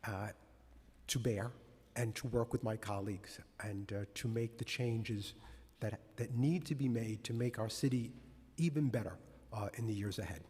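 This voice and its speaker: A man's voice: fairly low pitch, moderate pace, darkish tone, slightly rough. A man on a city commission giving chatty, self-deprecating opening remarks at a public meeting. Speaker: commission member, former council member. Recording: long reverb in a large chamber.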